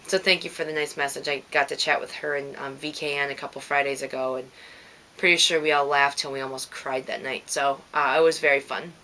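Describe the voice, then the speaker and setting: A woman's voice: deep voice, bright, forceful tone. A woman with a light Minnesota accent, hosting a knitting podcast in casual, rambling chat and thanking listeners by name.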